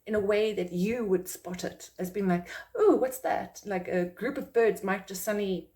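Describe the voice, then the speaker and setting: A chatty woman from South Africa talks to camera about her work as a psychic medium, in a middle-pitched voice. She rambles a little with fillers and restarts, and jumps higher whenever she acts out someone else's surprised reaction. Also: fairly even intonation, moderate pace, darkish tone. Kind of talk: casual talking-to-camera vlog.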